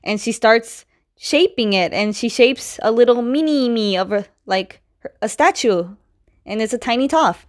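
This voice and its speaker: A woman's voice: on the high side, lively intonation, measured pace. Young adult woman, casual recap host, chatty, acts out quoted lines.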